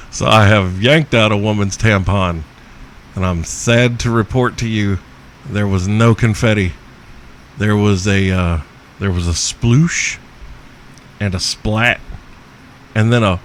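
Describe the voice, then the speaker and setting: A man's voice: fairly low pitch, fairly even intonation, takes it slowly, long pauses, slight background noise. A man hosting a podcast, answering listener questions in a crude comedic rant, profane and joking with frequent chuckles. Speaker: podcast host.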